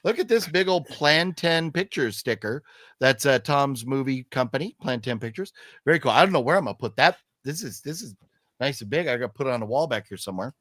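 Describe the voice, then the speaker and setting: An older man hosts a casual live stream, his voice swinging up and down with animated energy as he reads out chat comments and cracks jokes. The recording is dry and close, with no room echo. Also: mid-range voice, brisk. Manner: lively, reads chat comments aloud, jokey. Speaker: co-host. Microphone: streaming setup.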